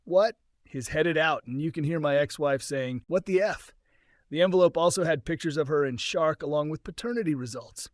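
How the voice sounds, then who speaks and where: A man's voice: on the high side, brisk, dry recording, studio quality. A man telling a first-person story in an earnest, conversational way.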